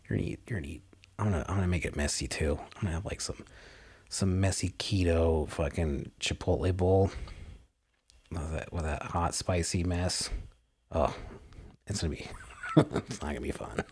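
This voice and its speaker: Man, very low voice, gravelly, livestream rant, sarcastic, profane, rambling commentary. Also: moderate pace, pauses often, a little mellow. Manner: sarcastic, profane ranting with frequent fillers and restarts. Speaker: livestream host. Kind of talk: rambling commentary while reading an article aloud.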